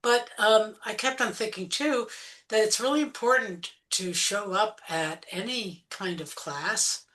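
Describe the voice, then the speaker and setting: A woman guest speaking in casual chat, measured and hesitant with fillers. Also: medium pitch, a bit bright.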